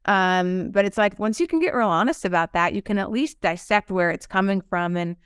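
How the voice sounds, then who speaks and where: A woman's voice: medium pitch, fairly quick, fairly bright tone, clear, resonant tone, no echo, studio quality. A woman hosting an interview podcast, talking reflectively and casually and quoting her own inner thoughts. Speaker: podcast host.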